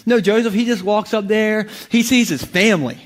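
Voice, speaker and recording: A male pastor with a high voice preaches in a loose, joking style. He talks to the congregation as if in conversation, often stopping and restarting mid-sentence. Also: moderate pace. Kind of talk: sermon.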